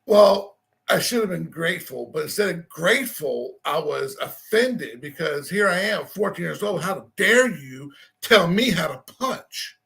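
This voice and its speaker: Casual male storyteller, self-mocking, raspy fry and a bright, high tone. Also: lively intonation, unhurried. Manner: rambling, self-deprecating, restarts and laughs.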